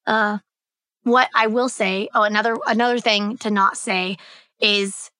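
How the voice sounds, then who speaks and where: A woman's voice: mid-range voice, steady tone, measured pace, sharp tone, dry recording. A young woman hosting a podcast alone, talking candidly in a loose, chatty way full of "like" and "um". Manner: candid, chatty, filler-heavy. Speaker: podcast host. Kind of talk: solo podcast talk.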